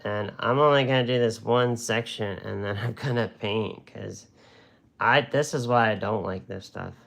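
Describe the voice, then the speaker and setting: A man's voice: on the low side, normal speed, creaky, fairly bright tone. A man teaching watercolor on a live stream, chatting and joking as he draws. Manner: joking, rambling, talks while drawing. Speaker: watercolor art instructor. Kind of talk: casual live-stream art lesson.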